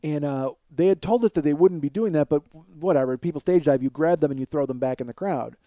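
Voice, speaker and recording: Male podcast host, profane animated storyteller, mellow slightly high voice, dry sound. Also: fast, dry recording, lo-fi sound. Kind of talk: comedic storytelling monologue.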